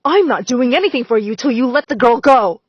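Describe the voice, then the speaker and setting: A forceful, defiant teacher, voiced by a woman in an animated storybook, speaking with a raised, firm voice on the high side. The recording is dry and a little dull. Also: moderate pace, breathy edge, dry recording. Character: defiant middle-aged female teacher.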